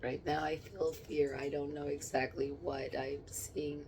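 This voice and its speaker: A woman speaking in a halting, emotional monologue as she channels spirits, moving between soft murmurs and sudden exclamations. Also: very deep voice, level tone, creaky, background noise.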